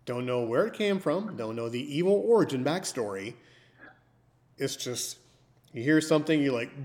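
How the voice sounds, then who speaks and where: A man's voice: medium pitch, animated, moderate pace, a little mellow. A man from the northern US with a stutter, a podcast co-host who tells jokey stories in casual chat. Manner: joking, storytelling.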